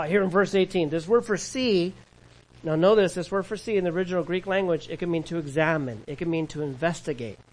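Guy pastor preaching, kinda high voice, casual and animated, laughs a lot. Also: rough recording. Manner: animated, conversational preaching with laughs and imagined dialogue. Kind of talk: sermon.

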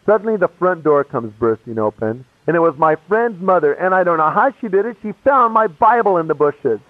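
A man with a high-pitched voice tells his conversion story as a testimony, speaking a little fast in a casual, animated way and acting out every person's voice. The recording sounds tinny and phone-like, dry with no echo.

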